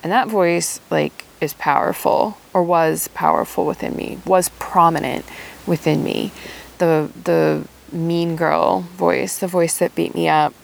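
A woman speaking in a thoughtful, hesitant personal monologue with many pauses. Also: fairly low pitch, steady tone, creaky.

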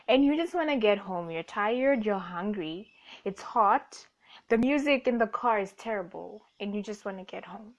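A woman's voice: medium pitch, animated, normal speed. A young woman hosts a casual, rambling podcast monologue. She self-corrects, jokes and laughs often. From Namibia. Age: young adult. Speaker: podcast host. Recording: dull lo-fi recording.

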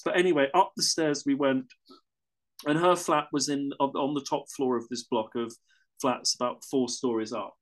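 A man's voice: mid-range voice, fairly even intonation, moderate pace. An English man telling a personal story in a casual, rambling way, often correcting himself mid-sentence. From England. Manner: rambling, self-correcting, with chuckles.

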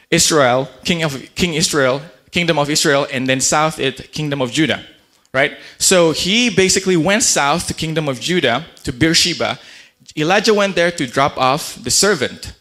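A man giving a casual sermon, his voice bright and forceful and sitting a little high. He retells Bible stories in everyday speech, tripping over repeated words and fillers. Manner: conversational, acts out quotes in a chatty voice. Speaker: pastor.

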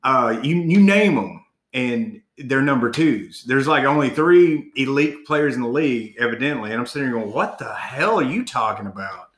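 A man's voice: medium pitch, lively intonation, moderate pace, a bit bright, roomy sound. Profane, heated man in casual sports chat.

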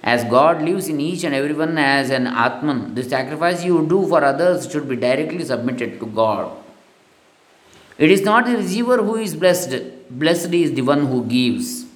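An earnest man reads a spiritual lesson aloud, moralizing in a steady voice that sits a little high. The recording carries a noticeable room echo. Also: moderate pace. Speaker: spiritual teacher. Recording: echoey room.

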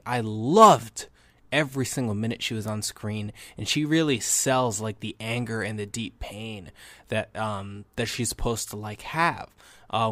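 A man's voice: lowish voice, fairly bright tone, dry recording. A young man hosting a podcast, giving casual, enthusiastic movie reviews with lots of fillers and restarts. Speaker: podcast host.

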